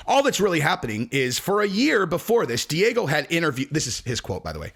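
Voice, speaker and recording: A man running a combat sports commentary channel, mocking a story with sarcastic jokes and quick impressions. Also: on the high side, huge pitch swings, gravelly, fairly bright tone, breathy edge. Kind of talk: comedic commentary.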